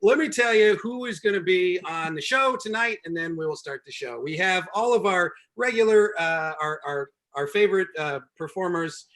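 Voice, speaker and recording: A man's voice: sits high, animated, normal speed, hardly any pauses, fairly bright tone. A man doing a wry stand-up set and hosting a show from home over a video call, rambling with many ums and restarts. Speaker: comedian and show host.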